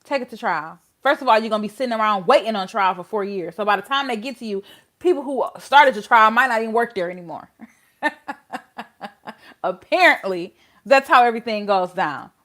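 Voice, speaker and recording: A woman hosting a casual legal commentary vlog, talking bluntly and swinging from loud outbursts to quiet asides. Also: a little high, animated, normal speed. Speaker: host of a legal commentary channel.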